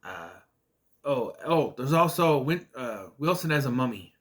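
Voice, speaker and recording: A man's voice: medium pitch, expressive. Rambling man recapping an old sitcom. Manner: rambling, quotes characters in quick asides. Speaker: retro TV show reviewer. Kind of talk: casual episode recap.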